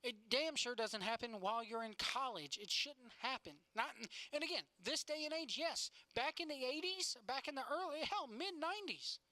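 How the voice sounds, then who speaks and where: A woman's voice: sits high, lively intonation, normal speed, hardly any pauses, bright, forceful tone, no echo. A woman co-hosting a casual chat show, telling stories animatedly and swearing freely. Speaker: podcast co-host.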